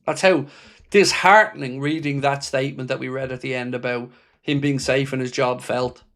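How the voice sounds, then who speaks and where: A man's voice: mid-range voice, fairly even intonation, normal speed, a bit bright. Impassioned man hosting a fan livestream. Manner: impassioned, blunt, swears freely; reads viewer comments aloud and answers them. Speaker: football fan channel host. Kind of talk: livestream reaction chat.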